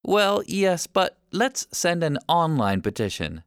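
A man's voice: on the high side, very animated, slow pace, clean tone, no room sound, clean studio sound, voice pushed up, full character voice. A man voicing a busy, impatient sixteen-year-old boy who explains things bossily.

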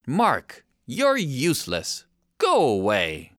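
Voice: medium pitch, huge pitch swings, takes it slowly, dry recording, studio quality, full character voice. A reader voicing a pushy, scolding shoal of fierce hunting sharks in a storybook read-aloud. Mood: scornful. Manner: bossy, scolding, loud.

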